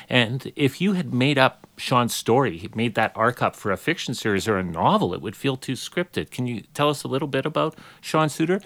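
A man hosting an interview, asking clear questions in an appreciative manner. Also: mid-range voice, a bit bright, no echo. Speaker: interview host.

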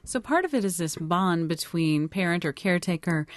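Low-voiced woman asking questions. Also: expressive, normal speed, no room sound, studio quality. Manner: curious, conversational questioning. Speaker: interviewer. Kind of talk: radio interview.

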